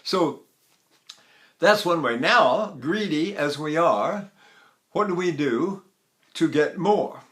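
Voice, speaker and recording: Bright-voiced older man teaching singing. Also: fairly high pitch, lively intonation, slow, long pauses. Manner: explains in short phrases, then sings syllable exercises. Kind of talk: vocal technique lesson with sung demonstrations.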